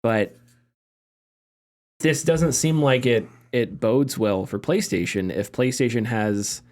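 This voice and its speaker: A man with a mid-pitched voice leading a relaxed podcast chat. He hedges often and works through his thoughts as he goes. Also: takes it slowly. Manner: conversational, hedging, thinks aloud. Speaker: podcast host. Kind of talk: casual podcast discussion.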